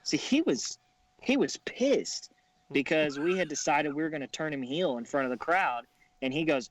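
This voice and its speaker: A man from Kansas, a wrestler guest, telling relaxed anecdotes in casual chat. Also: a little high, normal speed, no echo. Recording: faint background noise.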